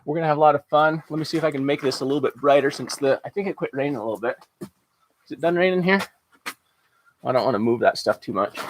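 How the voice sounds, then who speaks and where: A man's voice: a little high, a little hiss or hum. A man hosting a casual live-stream auction, talking in an upbeat, rambling way with lots of fillers. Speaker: livestream auction host. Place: outdoors at home after rain.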